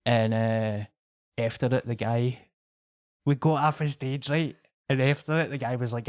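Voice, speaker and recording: A man with a Scottish accent, a guest comedian, telling a story in a loose, animated way, swearing freely and slipping into other people's voices. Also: medium pitch, normal speed, clean tone, no echo. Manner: animated, swearing, acting out quoted locals. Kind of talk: casual podcast storytelling.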